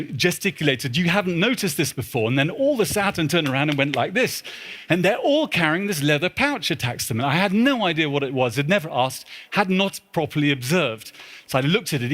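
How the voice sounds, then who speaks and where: A man's voice: fairly high pitch, a bit bright. A man on stage telling a self-mocking travel anecdote to an audience, full of "sort of" fillers and comic asides. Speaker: speaker at a symposium. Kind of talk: storytelling talk to an audience. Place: large church hall.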